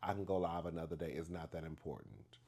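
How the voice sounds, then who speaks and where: Chatty storytelling man, lowish voice. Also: quick pace, vocal fry, slightly rough. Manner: chatty, animated, addresses listener as "girl"; acts out dialogue with exaggerated emphasis. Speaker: vlogger telling a story. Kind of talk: casual storytelling to camera.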